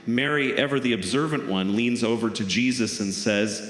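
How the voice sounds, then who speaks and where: Stand-up comic, wry storyteller with a bright, forceful voice, in a reverby theater hall. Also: male voice, medium pitch, normal speed. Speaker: stand-up comedian. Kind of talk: stand-up comedy routine. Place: large theater stage.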